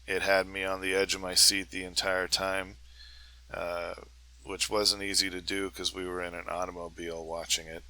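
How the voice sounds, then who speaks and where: A man with a low voice hosts a comedy podcast, rambling through crude jokes. His tone is bright and forceful, and he keeps the chatter loose. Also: flat delivery, normal speed, low-quality recording. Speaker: podcast host. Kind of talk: comedic monologue.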